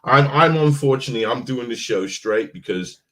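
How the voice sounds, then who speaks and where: A man's voice: medium pitch, expressive, moderate pace, bright, forceful tone. A man hosting a podcast, talking in a casual, rambling, jokey way. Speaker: podcast host.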